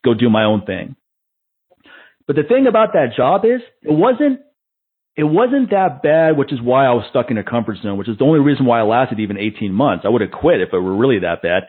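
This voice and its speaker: Earnest, quick-talking man on a tinny line. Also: mid-range voice, expressive, husky. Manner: reflective, earnest storytelling. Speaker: podcast host, fitness entrepreneur. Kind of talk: casual podcast chat. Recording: tinny phone-like audio.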